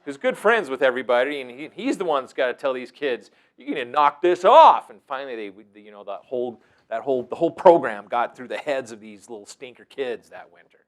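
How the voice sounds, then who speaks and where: A middle-aged man telling stories as a teacher, animated and breaking into loud, shouted impressions. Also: mid-range voice, fairly quick, hardly any pauses. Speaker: wilderness mentor and teacher. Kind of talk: storytelling talk.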